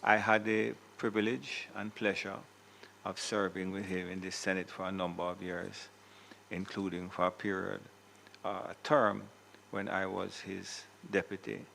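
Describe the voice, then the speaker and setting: Deep gravelly Jamaican man presiding. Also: level tone, sharp tone, a little hiss or hum. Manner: measured, occasional self-corrections. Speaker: presiding officer of the senate. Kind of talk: formal parliamentary tribute. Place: senate chamber.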